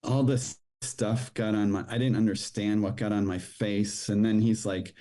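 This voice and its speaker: Male podcast guest, low dark voice, halting personal testimony. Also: fairly even intonation. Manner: plain, halting storytelling with fillers.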